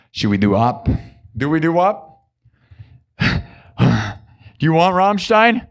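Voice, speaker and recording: A man's voice: on the high side, sing-song, slow pace, long pauses. A man from Iowa hosting a livestream, chatting in a rambling, playful, self-mocking way. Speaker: livestream music host. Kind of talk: casual livestream chat.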